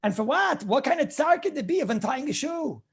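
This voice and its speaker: A man, a rabbi, giving an informal lecture on Jewish law, telling anecdotes in an animated way, often repeating his phrases and clearing his throat. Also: extremely high pitch, a little fast.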